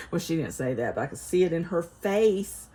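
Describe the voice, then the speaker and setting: A middle-aged woman with a Southern US accent, chatting casually to camera as a vlogger, folksy and quick to laugh. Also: lowish voice, mellow, breathy edge. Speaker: vlogger reviewing a Bible study.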